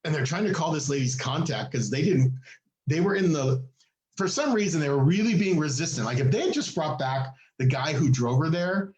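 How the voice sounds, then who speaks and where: Man, podcast co-host, casual storytelling, animated, acts out quotes, fairly high voice, echoey room. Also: fairly quick. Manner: animated, acts out quoted people with big pitch jumps.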